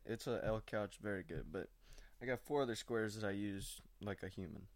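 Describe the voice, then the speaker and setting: A man's voice: on the low side, normal speed, dry recording. A young man rambling casually and anxiously into a desk microphone while sitting at home on his couch. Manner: rambling, slangy, anxious musing. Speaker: vlogger. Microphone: microphone at a mixing board.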